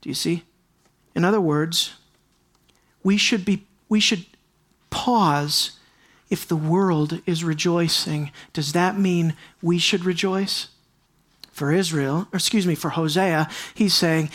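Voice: mid-range voice, unhurried, a bit bright. An earnest preacher delivering a verse-by-verse sermon. The delivery is emphatic, with key lines said twice for weight and frequent rhetorical questions aimed straight at the listeners. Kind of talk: expository sermon.

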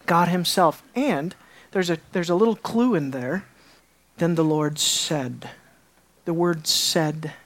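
A woman preaching as a Bible teacher, emphatic, asking the listeners rhetorical questions and repeating words for stress. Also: fairly low pitch. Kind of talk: sermon-style Bible teaching.

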